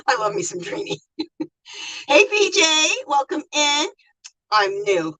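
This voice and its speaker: A woman's voice: on the high side, big pitch swings, takes it slowly, pauses often, pushed and bright, recorded from a distance, low-quality recording. A middle-aged American woman hosting a casual livestream, chatting and laughing as she reads viewer comments aloud. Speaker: livestream host.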